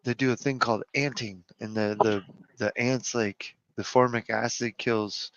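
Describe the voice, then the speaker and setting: A man's voice: mid-range voice, fairly even intonation, normal speed, a bit bright, no room sound, muffled recording. A man co-hosting a casual cannabis chat, teasing, profane and laughing often. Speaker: podcast co-host.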